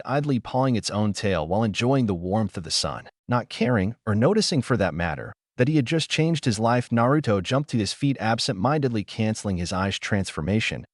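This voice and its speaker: A man reading a fan story aloud as narrator, with wry, animated storytelling. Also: lowish voice, no echo, studio quality.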